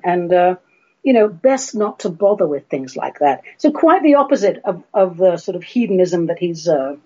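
Female radio host, dry wit, mellow husky voice, slightly dull lo-fi sound. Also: mid-range voice. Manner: dry self-mocking humor, playful asides. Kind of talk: chatty solo radio monologue.

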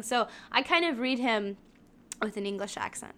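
A woman's voice: fairly high pitch, lively intonation, moderate pace, sharp tone. A young woman co-hosting a podcast in casual chat, enthusiastic and giggly, often restarting her sentences. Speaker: podcast co-host.

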